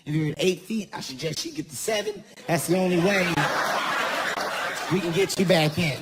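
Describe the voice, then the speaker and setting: A man voicing an adult female rafting guide who reads a safety briefing in a flat, dry, matter-of-fact way during a stand-up routine, recorded live with noise around him. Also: sits high, moderate pace. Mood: deadpan briefing. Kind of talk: stand-up comedy. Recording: live venue, audible ambient noise.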